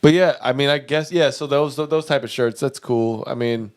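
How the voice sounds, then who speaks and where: A man's voice: medium pitch, moderate pace, clear, resonant tone. A man co-hosting a podcast in casual, jokey chat, laughing often. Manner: jokey, laughs often, tries silly accents. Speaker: podcast co-host.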